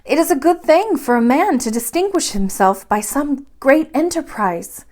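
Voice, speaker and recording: A woman voicing a gentle but brave young woman who speaks softly and sweetly. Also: sits high, moderate pace, voice pushed up. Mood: earnest. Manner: soft, sweet and steady.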